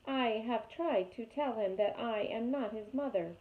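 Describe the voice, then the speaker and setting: A woman voicing a calm, polite female robot who speaks in stiff, careful sentences in a storybook reading. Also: a little high, unhurried, close to an everyday voice. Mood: formal. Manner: plain, careful, formal wording. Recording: tinny phone-like sound.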